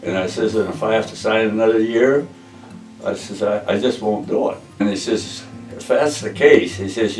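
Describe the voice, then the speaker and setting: Older male veteran, low voice, plainspoken oral-history teller; roomy distant recording with faint music under. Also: a little mellow. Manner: plainspoken, repeats "he says" while retelling dialogue. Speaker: veteran interviewee.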